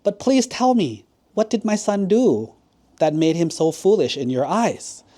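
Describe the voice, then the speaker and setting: A flustered, embarrassed monkey father, voiced by a man. He pleads in a high, strained voice. The tone stays mellow and lively. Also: measured pace. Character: anxious embarrassed male monkey advisor, father.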